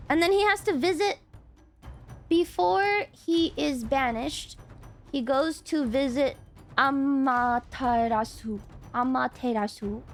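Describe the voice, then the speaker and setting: A woman streaming and chatting casually with her viewers. She swears, laughs often and yells at chat. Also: high voice.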